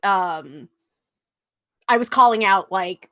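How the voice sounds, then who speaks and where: A woman playing a tabletop game, describing her character's actions in a hesitant, halting way. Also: on the low side, bright, forceful tone, no room sound, poor audio. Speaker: player.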